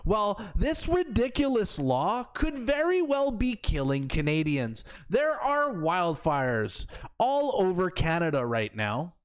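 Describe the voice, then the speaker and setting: High, animated sarcastic male commentator. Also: slow pace, clear, resonant tone. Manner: sarcastic, incredulous. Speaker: political commentary host. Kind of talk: opinionated commentary.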